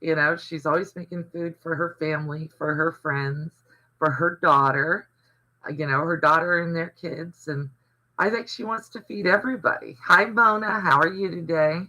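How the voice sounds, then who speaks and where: A man's voice: fairly high pitch, fairly even intonation, moderate pace, bright, forceful tone, poor audio. An older man from the American South, hosting a casual livestream chat, rambling through stories and answering viewer comments. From Southern United States. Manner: chatty, rambling storyteller who reads out viewer comments. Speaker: livestream host.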